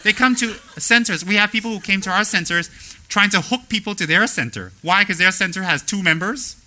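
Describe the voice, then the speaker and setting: A man teaching as a spiritual teacher, blunt and straightforward, animated as he acts out the people he talks about. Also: high-pitched, fairly quick, rough recording. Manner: animated, mimics people in quoted asides. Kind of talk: dharma talk.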